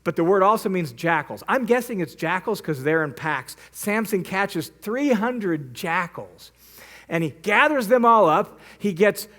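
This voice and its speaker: A man's voice: high-pitched, a bit bright. A male pastor preaching a sermon, retelling a story vividly and acting out the characters' lines. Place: church.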